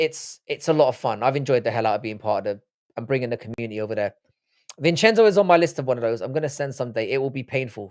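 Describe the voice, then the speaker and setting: Tired man chatting on stream. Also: mid-range voice. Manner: swears freely, rambling with restarts. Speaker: livestream host. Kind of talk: casual live-stream chat.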